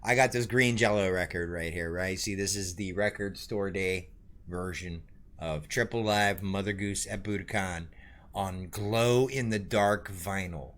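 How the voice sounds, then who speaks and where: A man's voice: sits low, a little slow, fairly bright tone. A man hosting a stream, chatting casually with jokes and swearing as he rambles about music and games. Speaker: streamer and show host.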